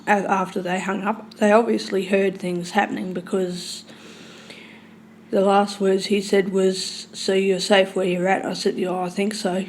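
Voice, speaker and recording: A woman telling a long, rambling story in casual speech, swearing freely and swinging between loud and hushed. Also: medium pitch, slight background noise.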